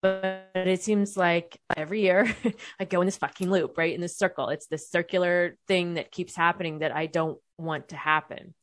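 A woman's voice: fairly low pitch, steady tone, normal speed, faint music behind. A young adult woman telling a personal story to her viewers, candid and conversational, swearing freely and restarting her sentences often. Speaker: vlogger.

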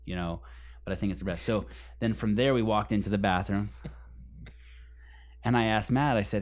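A man with a low voice hosts a casual podcast chat. He rambles through stories, swears freely and circles back on himself. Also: moderate pace, pauses often. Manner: profane, rambling storyteller. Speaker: podcast host.

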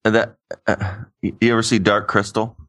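A man co-hosting a podcast, chatting casually in halting, rambling sentences. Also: fairly low pitch, flat delivery, a bit bright. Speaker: podcast co-host. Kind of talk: casual chat.

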